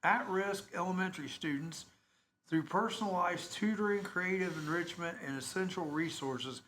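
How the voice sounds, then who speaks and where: A man hosts casual local radio, rambling through announcements and laughing easily. His voice sits notably high for a man. Faint noise hums in the background. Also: moderate pace, bright, forceful tone.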